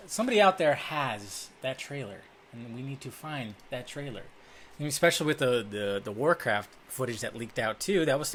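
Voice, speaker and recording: A man rambles through film news on his own vlog, chatty and loose with plenty of casual swearing. His voice sits at an ordinary, middling pitch. He speaks close into a desk microphone in a dim room. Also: a bit bright, slight background noise. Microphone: desk microphone, webcam.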